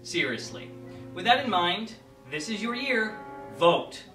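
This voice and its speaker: A young man rants aggressively and profanely in a scripted comedy bit, his pitch leaping around. The voice sounds roomy and a little distant from the mic, with music underneath. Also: very animated, unhurried, bright, forceful tone. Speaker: student election announcer.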